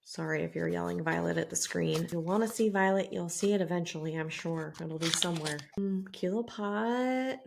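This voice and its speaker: A woman's voice: fairly low pitch, normal speed, creaky, few pauses, noisy background. A woman beauty vlogger chatting casually to camera while she applies makeup, self-deprecating and talkative. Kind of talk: casual makeup tutorial chat. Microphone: camera mic with mirror some distance off.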